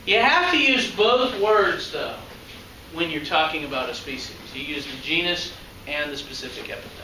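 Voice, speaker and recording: A man lectures a class in a chatty way, stopping often to ask the students questions. His voice sits high and sounds very bright. He is picked up from across a very echoey classroom, with faint room noise behind him. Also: expressive, normal speed, distant mic. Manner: conversational, asks the class questions. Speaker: high school biology teacher.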